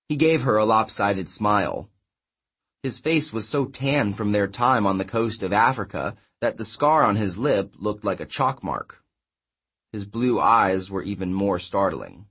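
Male audiobook narrator, low and husky, even, measured read. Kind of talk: scripted narration.

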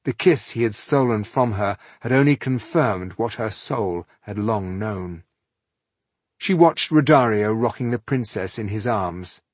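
A man narrating an audiobook in a measured, expressive storytelling style. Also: on the low side, husky, no room sound. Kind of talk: scripted narration.

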